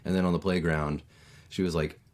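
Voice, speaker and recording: A man in his thirties from Maryland with a neutral American accent, chatting casually as a voice actor guest on a podcast, with lots of fillers and lively storytelling. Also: low-pitched, fairly quick. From Maryland, USA. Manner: chatty, lots of fillers, animated when telling stories.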